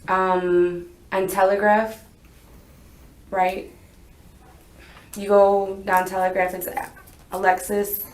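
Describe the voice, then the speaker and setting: A woman's voice: mid-range voice, flat delivery, slow, long pauses. A young woman telling a police interviewer what happened, rambling and unsure, hedging her memory as she goes. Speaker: witness being interrogated. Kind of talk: recounting events in a police interview. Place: interrogation room. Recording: echoey interview room.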